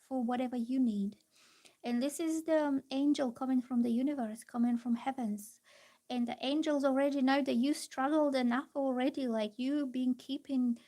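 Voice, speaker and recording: A woman's voice: a little high, mellow. A woman giving live-stream tarot readings, chatty and reassuring, rambling with many fillers. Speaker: tarot reader.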